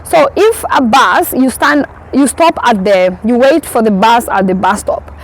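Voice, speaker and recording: A young woman from Kenya chats to her viewers in a casual vlog. Her voice sits high, and she tells her stories with a lively manner, acting out her own past reactions as she goes. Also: measured pace, rough recording. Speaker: vlogger.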